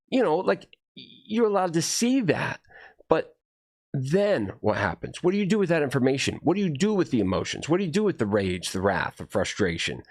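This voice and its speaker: Gravelly man ranting freely. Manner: profane, heated, swings between low mutters and raised outbursts. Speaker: video host. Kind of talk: rambling ranting monologue.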